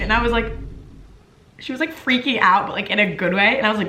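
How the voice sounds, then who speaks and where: A woman's voice: mid-range voice, fast, pauses often, sharp tone. A young woman chatting casually while doing her makeup, rambling with constant fillers and frequent swearing. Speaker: beauty vlogger. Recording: roomy echo.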